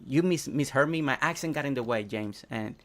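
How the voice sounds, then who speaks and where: On a casual game stream, a young man whose native language is Spanish reads chat aloud and talks through his building. He speaks briskly at a medium pitch.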